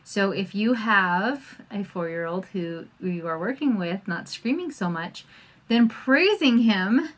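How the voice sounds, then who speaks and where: A middle-aged woman talks through her homeschooling podcast in a chatty, animated way. She slips into small acted-out voices whenever she quotes someone. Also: medium pitch, slow. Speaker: podcast host and homeschool coach. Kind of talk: casual podcast talk.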